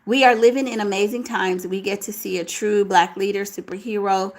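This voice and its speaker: A young woman hosting a livestream late at night, alone at home, talks in a mid-range, darkish voice with a steady tone and brisk pace. She chats casually in slang and reads viewer comments, sounding sleepy, her voice tired and crackling.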